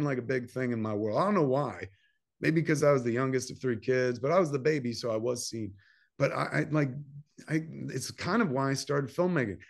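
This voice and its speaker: Fifties man, filmmaker guest, casual profane storytelling, animated quoted dialogue. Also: a little high, vocal fry. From New Jersey, USA. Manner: profane, animated, acts out dialogue in quick bursts.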